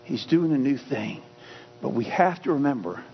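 A man's voice: medium pitch, animated, normal speed. A man preaching a sermon, emphatic and repetitive, shifting the stress from word to word. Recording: dull lo-fi sound with faint hum.

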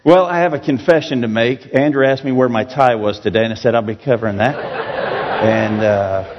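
A man's voice: mid-range voice, moderate pace, noisy background. A man preaching a sermon as pastor, in a loose, conversational way that pokes fun at himself. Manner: conversational, self-joking preaching. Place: church sanctuary. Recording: dull echoey hall recording.

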